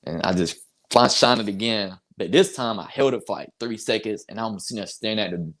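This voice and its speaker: Young male guest, lowish voice, animated storyteller who laughs and acts out quotes. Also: brisk. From North Carolina. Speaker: basketball player guest. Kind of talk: casual storytelling.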